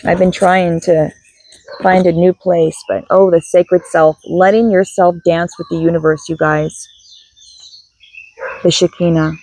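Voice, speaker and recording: A woman with a somewhat low, warm, relaxed voice leads a soft, unhurried guided meditation. Between passages she turns chatty and apologetic as she talks through a spiritual card reading. She is recorded on a phone with a clip-on microphone. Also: rough recording.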